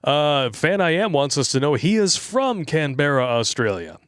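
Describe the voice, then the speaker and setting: A man's voice: on the high side, very animated, moderate pace, a bit bright, dry recording, studio quality. A man co-hosting a podcast, talking bluntly and sarcastically in casual political chat, laughing often. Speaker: podcast co-host.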